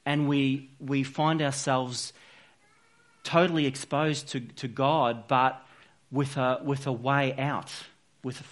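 An earnest man preaches in a loose, conversational way, circling back and restarting his sentences as he goes. His pitch sits right in the middle for a man, neither deep nor high. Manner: earnest, conversational, with frequent restarts and "you know". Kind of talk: informal sermon.

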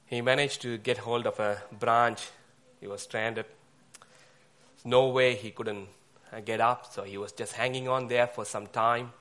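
A man preaching a sermon, speaking haltingly with fillers and pauses. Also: medium pitch, fairly even intonation, a bit bright.

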